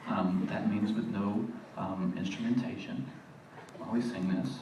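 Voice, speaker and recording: A man's voice: on the low side, steady tone, normal speed. A man leading a hymn, speaking hesitantly with many fillers. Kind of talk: introducing a hymn. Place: live venue. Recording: echoey hall, far from the mic, noisy.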